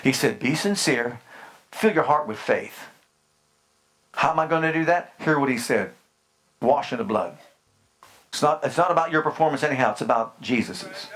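A man's voice: mid-range voice, expressive, normal speed, long pauses, fairly bright tone. A man preaching a sermon with fervent, emphatic declarations and rhetorical questions to his congregation.

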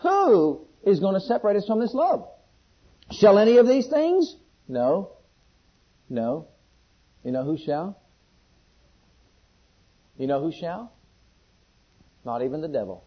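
A man preaching a sermon, shifting between loud, ringing scripture questions and hushed, intimate pleading, with questions put to the congregation. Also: high-pitched, expressive, takes it slowly, pauses often, breathy edge. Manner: call-and-response questions to the congregation. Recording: dull, lo-fi sermon recording.

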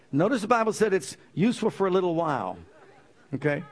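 A man preaching a sermon, quizzing the congregation with call-and-response questions and moving between loud emphatic passages and low, quiet pleading. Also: lively intonation, fast. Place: church.

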